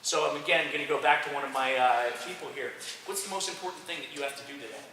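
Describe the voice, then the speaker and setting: A man coaching young soccer players, giving an energetic, direct motivational talk to a group and checking in with frequent "okay"s. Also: fairly high pitch, fast. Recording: roomy echo, distant mic, faint noise.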